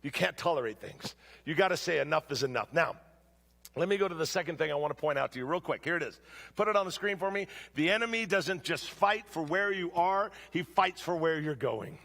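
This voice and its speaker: High gravelly guy preaching, bright edgy tone, gets loud in stories. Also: brisk, long reverb tail. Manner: animated, shouts during stories, drops low for the main points. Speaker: guest preacher. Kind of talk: storytelling sermon. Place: church sanctuary.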